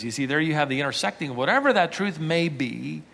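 A fairly high-voiced male pastor preaching with a bright, forceful tone. He drives each point home with strong emphasis. His voice rings out with a long reverb, as in a large church sanctuary. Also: expressive, fast, gravelly. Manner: emphatic, rising to forceful peaks. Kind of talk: sermon.

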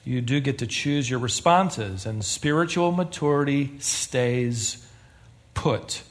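A man's voice: medium pitch, slow pace. A man preaching a sermon to a church congregation, telling stories with humor. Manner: animated storytelling with humor. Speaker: pastor.

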